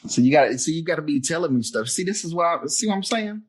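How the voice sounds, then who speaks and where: A man's voice: a little high, expressive, quick pace, breathy edge. A male podcast host chatting playfully, laughing and repeating words as he gets going. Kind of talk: casual chat.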